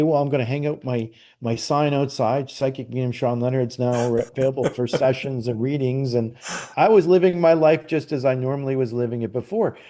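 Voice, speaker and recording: A man's voice: mid-range voice, warm tone. A middle-aged man, a guest on a podcast, telling a long personal story in a casual, rambling way with many fillers and restarts. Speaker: podcast guest, psychic medium.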